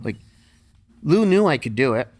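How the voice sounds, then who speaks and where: A man's voice: medium pitch, big pitch swings, normal speed, a little mellow. Middle-aged man, podcast guest, salty and blunt storyteller, easy laugh, everyday mid-range voice. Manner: profane, blunt, laughs through his stories. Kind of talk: casual storytelling interview.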